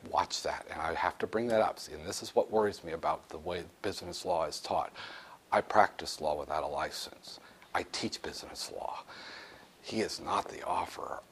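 A man's voice: low-pitched, slight background noise. A man teaching business law to a class, joking and acting out little scenes as he lectures. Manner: animated, jokey, acts out little scenes.

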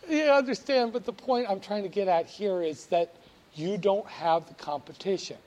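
A male finance lecturer with a notably high-pitched voice, working a classroom. He keeps it animated, joking with and teasing students as he quizzes them. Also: normal speed.

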